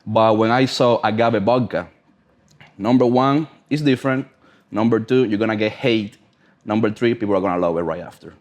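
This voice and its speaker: A podcast guest and brand ambassador with a lowish, darkish voice speaks English with a non-native accent at a moderate pace. In casual podcast chat, he tells stories bluntly and emphatically, swearing plenty.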